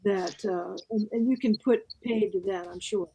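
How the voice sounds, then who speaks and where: A woman co-hosting a podcast, asking measured, precise questions in casual talk. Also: medium pitch, warm tone, slight background noise. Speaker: podcast co-host. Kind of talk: casual conversation.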